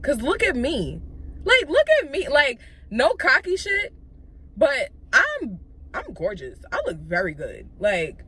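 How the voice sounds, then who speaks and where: A young adult woman vlogger telling a casual, profane story, animated and full of fillers. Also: a little high, takes it slowly.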